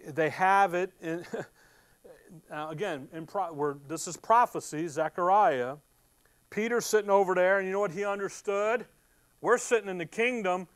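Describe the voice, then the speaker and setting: A man preaching a sermon, teaching verse by verse and acting out scenes in quick, animated bursts. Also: high-pitched, no echo.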